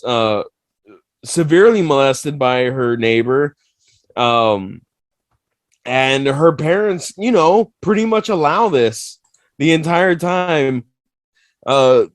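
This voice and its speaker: A man co-hosting a casual podcast chat, swearing freely and telling stories with blunt force. His voice sits a little high for a man and sounds close and dry, with no room around it. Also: dry recording. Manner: profane, blunt, animated storyteller. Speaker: podcast co-host.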